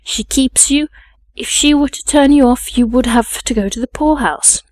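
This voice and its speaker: A woman's voice: high voice, normal speed, darkish tone, no room sound, pitched above the performer's own voice, natural voice. A woman voicing a stern but kindly nursemaid who scolds firmly. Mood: scolding. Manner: firm, scolding and admonishing.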